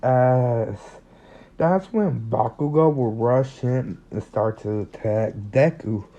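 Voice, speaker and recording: A man's voice: medium pitch, takes it slowly, dark tone. A young man casually improvising a fan story, rambling with lots of fillers and restarts, in a slightly muffled lo-fi recording. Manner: rambling, full of fillers and restarts, chuckles at his own story.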